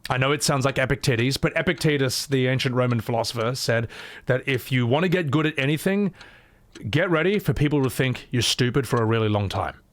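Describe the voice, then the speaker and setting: A man's voice: mid-range voice, fairly quick. A man streaming a game playthrough, joking and mocking his own voice work. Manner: joking, self-deprecating. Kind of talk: casual gameplay commentary.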